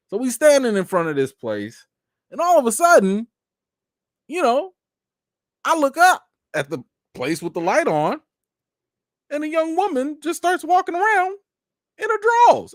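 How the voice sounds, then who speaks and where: A man hosting a casual live-stream chat, telling an animated story with acted-out reactions and greeting viewers by name. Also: high-pitched, unhurried, pauses often, no room sound, studio quality.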